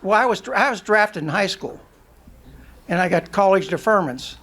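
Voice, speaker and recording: A man's voice: high-pitched, expressive, moderate pace, a bit bright. Dry older male Vietnam veteran. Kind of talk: audience answer at live event. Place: restaurant event room.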